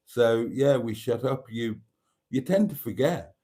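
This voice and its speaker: A man's voice: medium pitch, expressive, unhurried, warm tone. Guy chatting on his live stream, reads comments, laughs a lot. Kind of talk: casual live stream chat.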